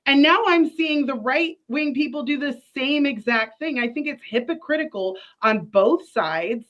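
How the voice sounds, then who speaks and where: A woman's voice: sits high, animated, a little slow, a bit bright, highs cut off. A woman arguing her point as a guest in a live online debate, earnest and frustrated. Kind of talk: livestream political debate.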